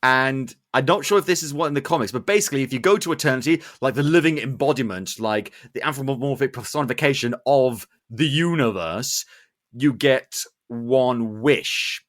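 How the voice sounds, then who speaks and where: Male podcast host, casual film recap, animated and sarcastic, mid-range voice. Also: mid-range voice, moderate pace. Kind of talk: casual film review chat.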